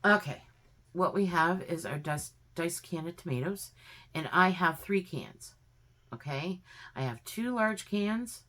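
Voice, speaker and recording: A woman's voice: on the low side, lively intonation, unhurried, fairly bright tone. A woman at home in her kitchen, giving a chatty, homey step-by-step cooking demonstration with plenty of fillers. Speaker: home cook vlogger.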